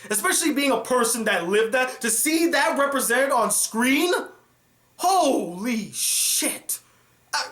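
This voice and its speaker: A man's voice: very high-pitched, sharp tone, reverberant. Furious, profane young man ranting. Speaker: film reviewer. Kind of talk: ranting film review vlog.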